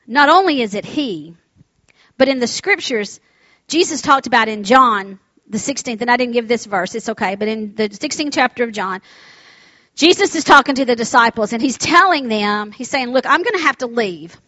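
A woman's voice: fairly high pitch, expressive, moderate pace, bright, forceful tone, dry recording, muffled recording. A woman preacher delivering a sermon in an emphatic, repetitive manner, often asking the congregation for an amen.

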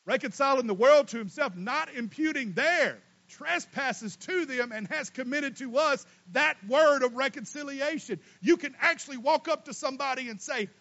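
High-voiced preacher. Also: male voice, moderate pace, few pauses, muffled recording. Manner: animated preaching, swings from loud emphatic to quiet asides; folksy, casual Southern US speech. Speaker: pastor. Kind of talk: sermon.

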